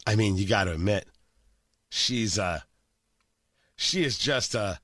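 Animated, sarcastic male radio host. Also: on the low side, takes it slowly, no room sound, studio quality. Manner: animated, sarcastic, frequent repetitions and restarts. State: stuffy from a cold. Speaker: radio talk show host. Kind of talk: opinionated political talk radio.

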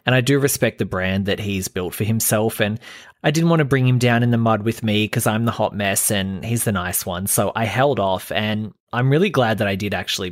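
A man's voice: medium pitch, no echo, clean studio sound. A young Australian man hosting a gossip commentary vlog, sarcastic and throwing shade. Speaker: host.

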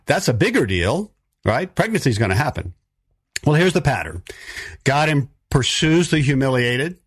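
A man's voice: mid-range voice, no echo. Guy preaching on a podcast, voice jumps around a lot, fillers and restarts, super dry close sound. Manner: animated, emphatic, with frequent fillers and restarts. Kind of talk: sermon-style bible teaching.

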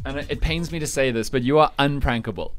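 A man's voice: mid-range voice, quick pace, fairly bright tone, soft background music. A man hosting breakfast radio, chatty and teasing as he talks on a studio mic. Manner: chatty, teasing, coaches and acts out lines. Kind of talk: casual radio banter. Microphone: studio microphone.

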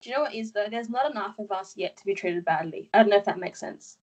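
Husky woman making her point. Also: mid-range voice, poor audio. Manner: animated, quick to laugh, argues her point. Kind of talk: casual chat.

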